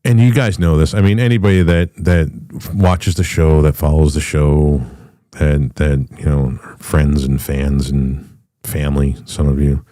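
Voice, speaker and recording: A middle-aged man with an extremely deep, dark voice, hosting a podcast. He rambles through a casual monologue, swearing freely and often restarting his sentences. The sound is close and dry. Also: steady tone, measured pace, dry recording. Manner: profane, rambling, with frequent restarts. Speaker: podcast host.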